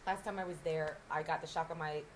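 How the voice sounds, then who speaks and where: A woman who works as an exotic dancer, chatting casually and acting out what customers said in animated stories. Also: low voice, fast, slight background noise, rough recording. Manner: animated storyteller, acts out customers' lines. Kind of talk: casual chat.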